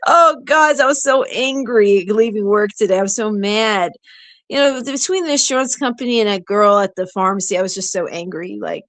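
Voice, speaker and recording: A woman's voice: on the low side, no room sound. A tired woman venting on a stream in a casual, rambling way, full of fillers and restarts. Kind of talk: casual chat. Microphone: streaming setup.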